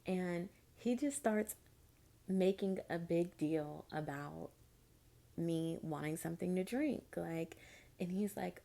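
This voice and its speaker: A woman's voice: lowish voice, slow pace, creaky, warm tone. A young woman vlogger telling a storytime tale in a chatty, exasperated way, speaking straight to her viewers. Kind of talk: storytime vlog.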